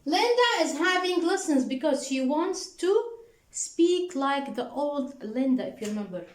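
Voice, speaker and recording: A woman teaching an English workbook lesson with an Arabic accent, slowly repeating answers and prompting the class with questions. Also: high-pitched, lively intonation, reverberant, poor audio. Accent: Arabic-speaking. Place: classroom with a board.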